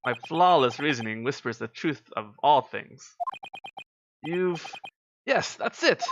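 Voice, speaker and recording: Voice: mid-range voice, lively intonation, takes it slowly, noisy background. A streamer voicing a boastful, eccentric male detective in a visual novel, speaking in a theatrical, self-assured way. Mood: pompous. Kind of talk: reading visual novel lines aloud. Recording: game music playing behind. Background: game music.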